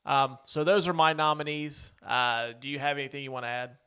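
A man co-hosting a movie podcast in easy, casual conversation. His voice is smooth and resonant at a middle pitch, and he rambles happily into side topics. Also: steady tone, brisk, fairly bright tone. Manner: talkative, goes off on tangents. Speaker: podcast co-host. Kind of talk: casual movie-review chat.

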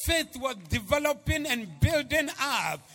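A man preaching a sermon, swinging from hushed asides to loud, chanted, repeated declarations. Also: very high-pitched, animated, a little slow, vocal fry, soft background music.

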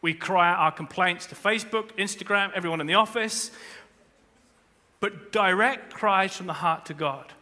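Pastor guy preaching, super bright voice, jokey asides, church hall echo. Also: high voice, normal speed. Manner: animated preaching, swings from quiet to shouting; humorous asides. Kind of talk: sermon. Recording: long reverb of a church hall.

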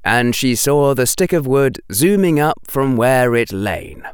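A man narrating a story as an audiobook reader, slow and emotive, dropping to a hush on dark passages. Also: medium pitch, expressive, smooth, no echo, clean studio sound.

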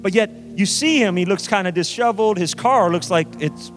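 A pastor delivering a sermon, emphatic and repeating key phrases for weight. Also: male voice, high voice, fairly quick, few pauses, over music.

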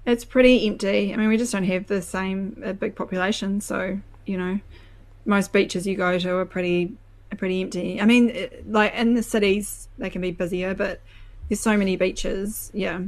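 A woman's voice: mid-range voice, fairly even intonation, moderate pace. Chatty New Zealand woman, laughing often. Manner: chatty, laughs often, many fillers and restarts. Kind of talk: casual chat.

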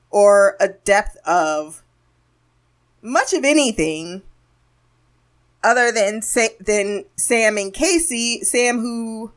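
A woman's voice: medium pitch, fairly bright tone. A woman hosting a podcast, giving a casual, sarcastic review of an episode, often laughing and acting out quotes. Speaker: podcast host.

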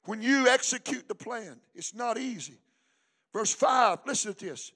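Pastor guy preaching in church, really high bright voice, shouts and sings his lines, calls for the crowd to answer back. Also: animated, unhurried. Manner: preaching with rising shouts and sing-song cadence; calls for congregation responses. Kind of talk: sermon.

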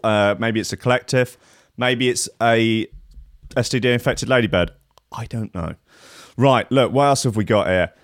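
A man's voice: medium pitch, no room sound, clean studio sound. A man hosting a live radio show, chatting in a rambling, irreverent way with plenty of swearing. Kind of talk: casual live radio chat.

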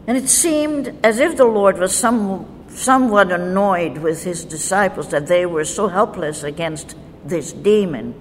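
A woman teaching from the Bible, reading verses in a measured, deliberate way. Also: lowish voice. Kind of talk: slow scripture teaching. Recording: faint noise with long reverb.

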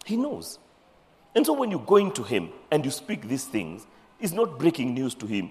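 Male preacher, high-pitched and expressive, sermon in a big echoing hall. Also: normal speed. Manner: animated, acts out scripture voices, mixes in Swahili phrases. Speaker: bishop preaching. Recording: long hall reverb.

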